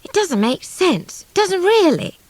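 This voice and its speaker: An excitable little boy, played by a woman narrator, blurting things out in a squeaky, bouncing voice. His pitch jumps all over. The recording is close and dry. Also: measured pace, no room sound, heavily acted. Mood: eager. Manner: eager, squeaky, matter-of-fact. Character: blunt excitable small boy.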